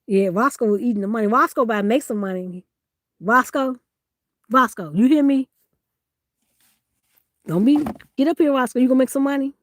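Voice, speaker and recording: A woman's voice: fairly high pitch, a little fast, pauses often, dry recording. A woman hosting a live-stream sale in casual chat, teasing and laughing as she reads out viewers' comments.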